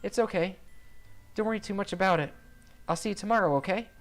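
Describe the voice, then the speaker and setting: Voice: fast, close to an everyday voice. A streamer voicing a cheerful but fragile teenage girl in a visual novel, reading her lines in a raised, bubbly voice that can turn tearful. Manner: high, bubbly, turning tearful. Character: cheerful, fragile teen girl with sad depths.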